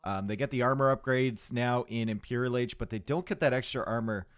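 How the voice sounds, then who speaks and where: A man's voice: medium pitch, a little fast, clear, resonant tone, no echo. A man giving casual live commentary on a strategy game, chatty and joking with his viewers from a home streaming setup. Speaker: esports caster.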